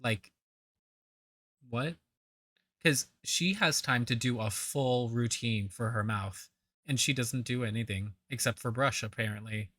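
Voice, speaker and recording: Sharp, sarcastic reaction commentator. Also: mid-range voice, measured pace, no echo, studio quality. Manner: mocking, blunt, swears casually.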